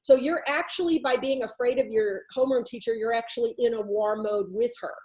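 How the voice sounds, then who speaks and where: High-voiced woman telling a story. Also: a little fast, low-quality recording. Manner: animated storytelling with quoted dialogue. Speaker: podcast host and workplace consultant. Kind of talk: storytelling talk.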